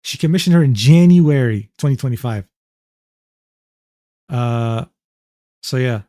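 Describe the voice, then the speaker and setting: A man's voice: mid-range voice, expressive, a little slow, warm tone, dry recording, studio quality. A man in his twenties doing casual reaction-stream commentary, talking loosely with lots of swearing and "bro" asides. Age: 20s.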